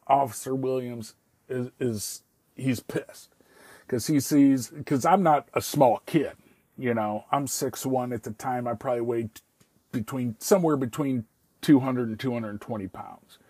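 A middle-aged man spins a rambling personal story, peppering it with swearing and repeated "I was like." His voice is mellow and a little husky, with a dry, close sound. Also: mid-range voice, measured pace, no room sound.

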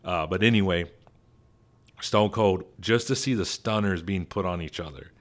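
A man in his thirties talks through a casual recap, sounding stuffed up from allergies. His voice sits fairly low, and he rambles and restarts, chuckling along the way. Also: normal speed. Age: 30s. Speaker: wrestling vlogger.

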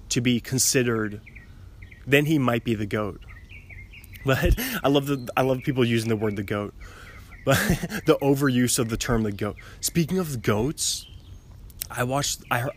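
Rambling, self-amused young man. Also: medium pitch. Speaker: podcast host. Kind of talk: casual chat.

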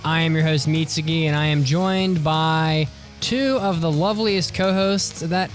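A man's voice: fairly high pitch, measured pace, faint music behind. A man hosting a casual podcast, joking around and rambling through plugs. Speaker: podcast host.

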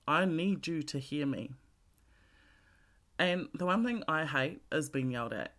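A woman's voice: deep voice, expressive, unhurried, long pauses, fairly bright tone. A middle-aged woman talks straight to the listener in a loose, unscripted monologue. She is blunt and swears freely, often restarting a word before she finds her way through a thought. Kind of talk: casual monologue.

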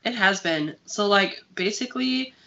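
Rambling, bright-voiced woman podcaster. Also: mid-range voice, expressive, a little slow, dull audio. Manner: rambling, filler-heavy, profane. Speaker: podcast co-host. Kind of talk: casual chat.

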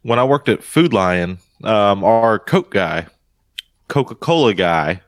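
Lively joking man, animated pitch. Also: slow, no echo, studio quality. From North Carolina, USA. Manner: animated, swears freely, jokey. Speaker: podcast co-host. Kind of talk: casual chat.

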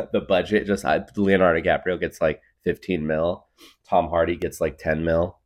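Low and steady at normal speed, the voice belongs to a man in his thirties hosting a podcast. He meanders through a comedic monologue heavy with fillers, cracking himself up along the way.

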